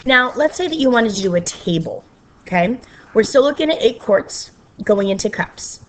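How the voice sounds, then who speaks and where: A woman's voice: fairly high pitch, animated, moderate pace, slight background noise. A woman teacher explaining a math lesson to her students in a patient, step-by-step way, checking in with frequent okays and sometimes slipping into a playful sing-song.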